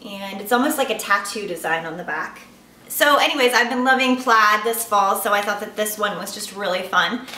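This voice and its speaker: A woman's voice: mid-range voice, moderate pace, sharp tone, roomy sound, far from the mic. A woman vlogger chatting casually to camera about her shopping haul, upbeat and gushing. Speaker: beauty vlogger.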